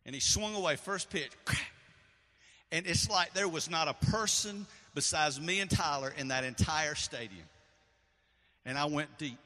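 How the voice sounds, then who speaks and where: A middle-aged man preaching a sermon, telling a personal story with strong emotion and swinging between loud and soft. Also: fairly high pitch, measured pace. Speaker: pastor. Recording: echoey hall.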